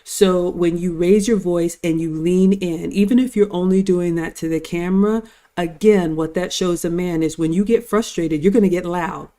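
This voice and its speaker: A woman's voice: on the low side, steady tone, moderate pace, dark tone. An older woman hosting a live-stream reaction, commenting and giving advice to viewers in a lecturing tone. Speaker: host.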